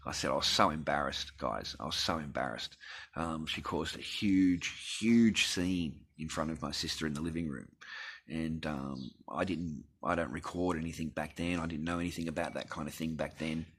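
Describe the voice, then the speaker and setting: A man's voice: a bass voice, normal speed, fairly bright tone, slightly rough. An Australian man telling a personal story in a blunt, rambling rant full of swearing. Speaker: vlogger.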